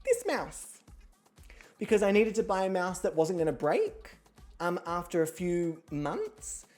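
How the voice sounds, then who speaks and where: A woman hosting a game stream from home, chatty and excitable, swearing freely and chatting to her pets between rounds. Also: on the low side, unhurried, soft background music. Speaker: host of an online reality show game stream. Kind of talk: casual livestream chat.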